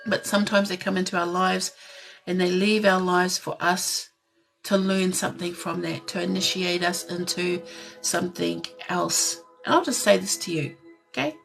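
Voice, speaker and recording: A woman giving a live tarot reading in a soft, gentle way, pausing often and sometimes tearful. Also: lowish voice, steady tone, vocal fry, soft background music. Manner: emotional, tearful at times. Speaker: tarot reader.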